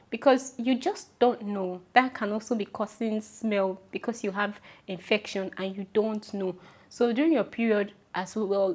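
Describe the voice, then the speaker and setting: A young woman with a Nigerian accent talks straight to her viewers in a chatty vlog. She repeats her instructions with firm emphasis, and her voice sits at a middle pitch. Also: a little mellow. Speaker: vlogger. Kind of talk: casual advice talk to camera.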